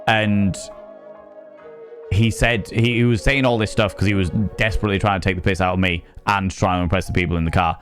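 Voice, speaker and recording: A man's voice: deep voice, fairly quick, faint music behind. Sweary man telling stories on stream. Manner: sweary, animated storytelling, reads chat aloud. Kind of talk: casual live-stream chat.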